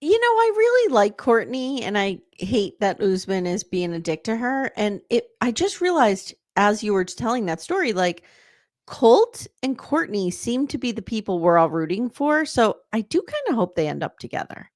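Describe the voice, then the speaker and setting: A woman talks as a podcast guest with a lively, swooping voice that rises and falls a lot. She is animated, laughs easily and chimes in with quick agreement through a casual chat. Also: a little high.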